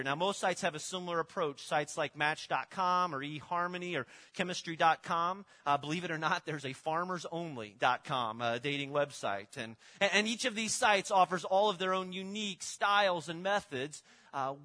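A man's voice: on the high side, moderate pace, pushed and bright. A middle-aged man, a pastor giving a conversational sermon, often restarting and repeating words as he talks through props.

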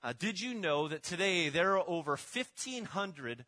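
Middle-aged male pastor, bright forward tone, casual sermon delivery with lots of restarts. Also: high-pitched, very animated, measured pace. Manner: conversational, repeats words and restarts, uses props.

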